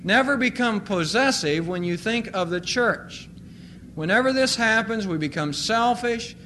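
A male pastor preaching a sermon, slowing to stress single words. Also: sits high, animated, pushed and bright, a little hiss or hum.

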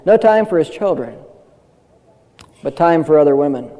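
Older man, pastor, earnest sermon, mellow voice, long hall reverb. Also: fairly high pitch, animated, normal speed, pauses often. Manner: earnest, building to emphatic declarations.

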